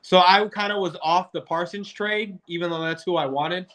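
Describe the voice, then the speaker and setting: A man with a bright, forceful voice pitched a bit high, chatting casually about football. He rambles, trips over his words and restarts his sentences again and again. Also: steady tone, moderate pace. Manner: rambling, stumbles and restarts often. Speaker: guest debater, football fan. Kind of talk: casual sports debate.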